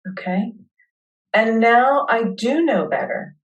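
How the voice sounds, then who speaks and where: A woman hosting a webinar, leading listeners through a guided tapping session with slow, soothing affirmations. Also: a little high, big pitch swings, distant mic, muffled recording.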